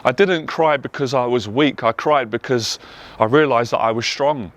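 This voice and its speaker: A man with a London accent speaks as a motivational speaker in a personal testimony monologue, telling his own story earnestly and emotionally. His voice is middling in pitch at a normal pace, he's tearful at times, and he drives his points home with repeated phrases.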